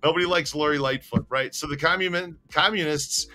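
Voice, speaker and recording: A man's voice: fairly high pitch, moderate pace. A man hosting a live stream, chatting and reading viewer comments aloud, often stumbling over names. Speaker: host.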